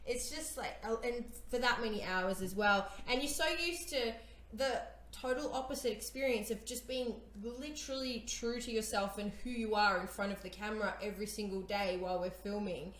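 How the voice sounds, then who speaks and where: A woman's voice: medium pitch, normal speed, a bit bright. A woman co-hosting a podcast, chatting casually, backing up her co-host and laughing often. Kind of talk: casual chat. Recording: echoey room with faint noise.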